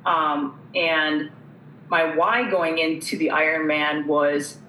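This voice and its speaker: A woman's voice: deep voice, steady tone, slow, sharp tone, echoey room, a little hiss or hum, low-quality recording. A woman guest telling her story earnestly, acting out the dialogue she quotes. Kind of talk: conversational storytelling.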